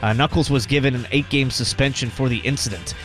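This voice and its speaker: A man co-hosting a casual sports radio show, chatty and quick to laugh, often repeating words as he starts a thought. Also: medium pitch, a bit bright, soft background music.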